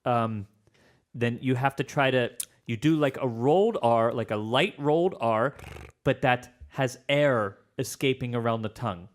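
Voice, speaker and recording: A young man co-hosting a podcast, relaxed and casual, slipping into nerdy talk about pronunciation. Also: medium pitch, measured pace. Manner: relaxed, nerdy about phonetics, hesitant fillers. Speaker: podcast co-host, opera singer. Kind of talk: casual chat.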